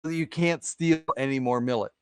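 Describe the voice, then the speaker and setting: A man's voice: mid-range voice, fairly quick, clear, resonant tone, dry recording, close to an everyday voice. A man doing an angry, scolding weasel. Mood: indignant. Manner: indignant, scolding. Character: angry male weasel farmer.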